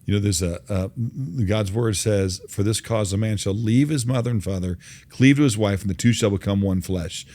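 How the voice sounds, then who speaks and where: A man's voice: fairly low pitch, moderate pace, darkish tone. Earnest man hosting a faith interview. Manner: earnest, folksy, frequent restarts. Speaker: host. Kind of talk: faith-based interview, storytelling.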